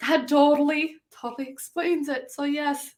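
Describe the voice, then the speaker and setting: A woman hosting a video-call interview, bubbly and quick to laugh, with lots of "like" in her talk. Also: high-pitched, steady tone, a little mellow. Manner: bubbly, laughs often, says "like" a lot. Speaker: podcast host. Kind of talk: casual interview chat.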